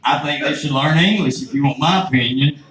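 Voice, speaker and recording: Brash comedian with a rural Southern accent. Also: male voice, on the high side, brisk. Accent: rural Southern American. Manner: brash, crude and self-mocking. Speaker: stand-up comedian. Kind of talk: stand-up set. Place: comedy club stage. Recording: echoey, noisy room from far off.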